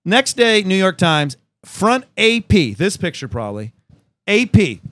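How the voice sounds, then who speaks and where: A male comedian tells stories on a podcast in a high, very lively voice that jumps all over his range. His delivery is animated and peppered with swearing. The sound is dry and close to the mic. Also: a little slow, dry recording. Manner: animated storyteller, swears freely. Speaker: guest comedian. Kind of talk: casual podcast chat.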